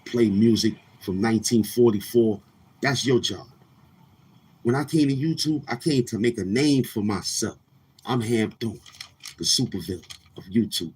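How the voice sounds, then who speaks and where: A man's voice: lowish voice, unhurried, darkish tone, slightly rough. A man hosting his own online morning show, boasting and trash-talking rivals in a brash, repetitive rant. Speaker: YouTube show host.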